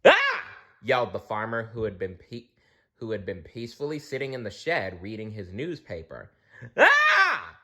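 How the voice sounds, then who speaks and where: A man reading a children's storybook aloud, expressive, with small slips and restarts. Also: lowish voice, brisk.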